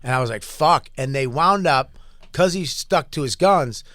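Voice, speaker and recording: A man's voice: on the high side, moderate pace, no room sound. A man in his forties, a comedian and podcast host, telling stories in casual chat and acting out the lines of people in them. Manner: profane, animated storyteller who acts out quotes.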